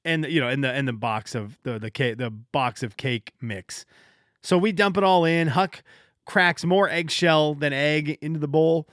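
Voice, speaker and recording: A man in his thirties hosting a casual solo podcast, telling stories in an animated, joking way and often restarting his sentences. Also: fairly high pitch, unhurried, dry recording, clean studio sound. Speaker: podcast host.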